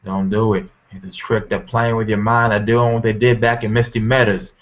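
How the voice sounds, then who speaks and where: A man's voice: on the low side, little pitch movement, normal speed, lo-fi sound, close to an everyday voice. A man voicing a wary companion who urgently warns the others against a trick. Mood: warning. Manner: urgent, insistent warnings.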